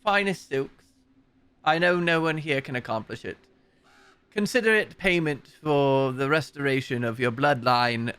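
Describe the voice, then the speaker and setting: A man's voice: mid-range voice, measured pace, fairly bright tone, clear, resonant tone, lightly acted. A man voicing an imperious abbot who coldly demands payment for a favor. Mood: commanding. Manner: haughty, commanding, clipped demands.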